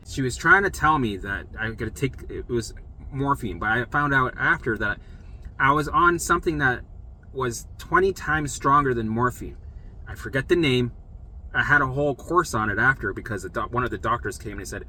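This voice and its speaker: A man telling his own story in a casual, animated monologue, acting out what others said, swearing freely and often checking in with "right?". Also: mid-range voice, moderate pace, poor audio. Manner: animated, acts out quoted voices, swears freely; frequent "right?" check-ins to listener. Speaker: vlogger sharing recovery story.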